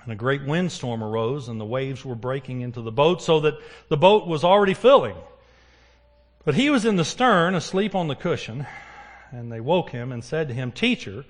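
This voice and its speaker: A man preaching a sermon. He keeps putting questions to the congregation and answering them himself. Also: medium pitch. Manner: animated, asks the congregation questions.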